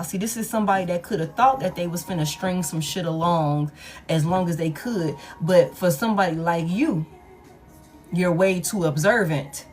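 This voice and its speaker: A woman giving a casual collective tarot reading, blunt and profane, who repeats her points for emphasis. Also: mid-range voice. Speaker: tarot reader.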